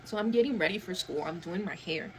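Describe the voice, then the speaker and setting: A woman's voice: on the low side, a little hiss or hum. A young woman telling a personal story in a storytime clip, emotional and profane, acting out what people said. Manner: fast, emotional, profane retelling with acted quotes. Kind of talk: storytime video.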